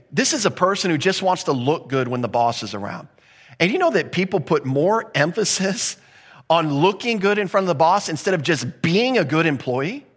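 Male pastor, sermon delivery, talky and direct, slightly high-pitched, builds emphasis. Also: a bit bright, husky. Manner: conversational preaching with acted asides and rising emphasis.

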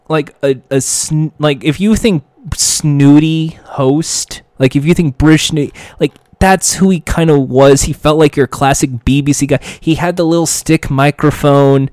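A man's voice: mid-range voice, moderate pace, a little mellow, smooth, no echo. Dry-voiced man rambling enthusiastically. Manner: enthusiastic, digressive, many fillers and restarts. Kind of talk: casual chat.

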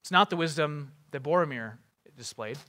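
Bright, casual-toned man preaching. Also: a little high, expressive, moderate pace. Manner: casual asides with many fillers. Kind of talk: sermon.

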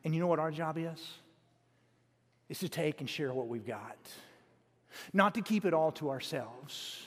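High-voiced preacher in a reverberant hall. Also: male voice, a little slow. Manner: folksy, animated storytelling with many restarts. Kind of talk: storytelling sermon. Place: church sanctuary.

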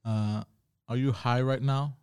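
A man's voice: medium pitch, measured pace, clear, resonant tone. A young man hosting a podcast alone, telling stories casually with lots of swearing and reacting to chat comments. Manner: profane, animated storyteller reading chat comments. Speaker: podcast host. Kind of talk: casual solo podcast storytelling.

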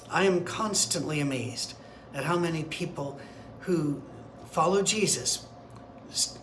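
A man's voice: on the high side, fairly bright tone, slight background noise. A man leading a midweek Bible study, teaching in a conversational, digressive way with fillers and restarts. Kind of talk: informal teaching sermon. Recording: roomy echo, faint ambience.

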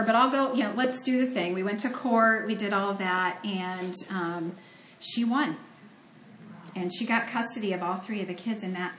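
A woman's voice: a little high, fairly bright tone, echoey room, a little hiss or hum. A woman from Ohio giving a conversational, earnest sermon that mixes scripture reading with personal storytelling. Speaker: preacher.

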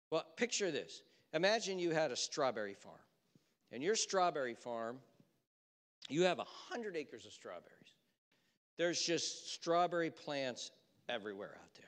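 A man preaching a sermon in a church, impassioned, moving between loud proclamation and hushed storytelling. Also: fairly high pitch, sing-song, measured pace. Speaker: pastor. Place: church sanctuary. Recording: long church reverb.

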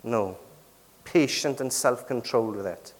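A man's voice: medium pitch, unhurried. A middle-aged man with a British accent preaching a sermon in a conversational way, often asking the congregation questions. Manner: conversational, asks the congregation questions with frequent tag questions. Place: church. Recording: long reverb of a church hall.

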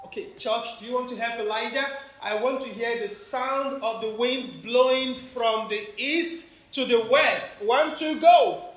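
High-voiced African-accented preacher in an echoey church. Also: male voice, unhurried, hardly any pauses, sharp tone. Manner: engaging, quizzes children and congregation. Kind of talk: family sermon. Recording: very echoey church, faint background noise.

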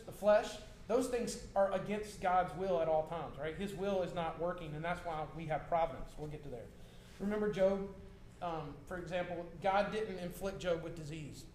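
A man's voice: high-pitched, darkish tone. A man preaching a sermon in a conversational way, repeating himself and asking the congregation questions. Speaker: pastor. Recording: echoey room with faint noise.

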